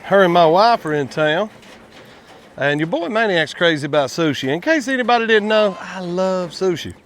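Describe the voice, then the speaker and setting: A man's voice: high voice, animated, moderate pace, slight background noise. A man, chatting casually to viewers in a vlog while working outdoors at his quail pens, folksy and talkative. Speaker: quail farmer and channel host.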